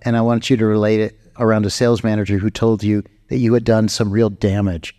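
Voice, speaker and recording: A man's voice: on the low side, little pitch movement, fairly quick, dark tone. A man hosting an interview, asking about a book in a conversational, prompting way. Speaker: interview host. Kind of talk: interview questions.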